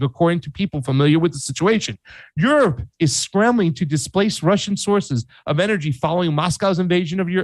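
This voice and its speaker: Brief: male commentary host, higher pitch, dry close mic, slangy and animated over news clippings. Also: no room sound, low-quality recording. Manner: animated, reads headlines aloud, says "fam", voices countries in mock quotes. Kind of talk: casual political commentary.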